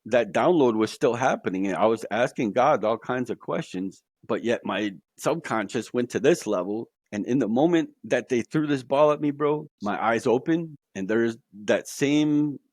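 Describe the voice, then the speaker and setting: A man guest on a podcast telling his own story in a casual, animated way, tossing in slang like "bro.". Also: mid-range voice, moderate pace, few pauses, no room sound, studio quality.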